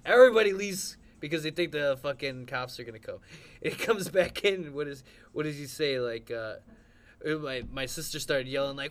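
A man's voice: on the high side, fairly quick. A man in his thirties telling a crude, profane story in casual banter, laughing often. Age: 30s.

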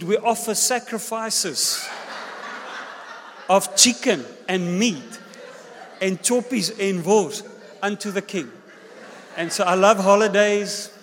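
A man, a senior pastor preaching a sermon with jokes and an animated delivery. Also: sits high. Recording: long hall reverb.

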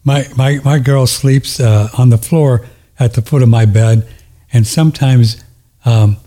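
A man hosting a casual conversation, telling gentle stories and often repeating words. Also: mid-range voice, measured pace. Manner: warm-hearted, repeats words, soft-spoken stories.

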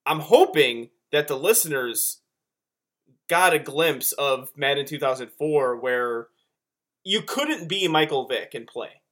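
A man co-hosting a podcast, chatting casually in a rambling, animated way. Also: mid-range voice. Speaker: podcast co-host. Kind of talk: casual chat.

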